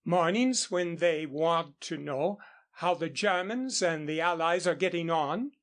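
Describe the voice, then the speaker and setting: A man reading as a gentle English schoolteacher woman. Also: on the high side, a little slow. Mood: earnest.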